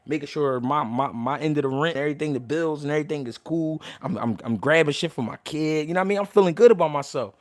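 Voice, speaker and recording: On a livestream, a man answers his chat in heated, emotional, unscripted talk, stammering and repeating words as he starts over. His voice is a little high and he talks fast with few pauses, in a dry recording.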